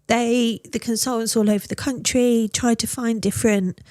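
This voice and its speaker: A woman, telling her story as a mother in a podcast interview, heartfelt and emotional, often pausing to search for words. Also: a little high, steady tone, a little mellow, no room sound.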